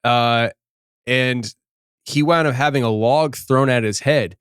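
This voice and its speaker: A man's voice: medium pitch, takes it slowly, a bit bright, clean tone, dry recording. A man from Philadelphia hosting a podcast interview, chatting casually and laughing often. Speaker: podcast host.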